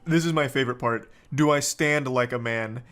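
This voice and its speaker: A man's voice: medium pitch, moderate pace, background noise. Dry sarcastic male commentator. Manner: dry sarcastic, rambling asides. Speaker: commentary host. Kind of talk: reaction commentary.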